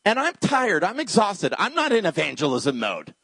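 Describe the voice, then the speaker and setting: Male pastor, lively sermon storyteller who voices each character, close and dry. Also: high voice, moderate pace, creaky, husky, dry recording. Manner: animated storyteller acting out dialogue, dropping to hushed tones.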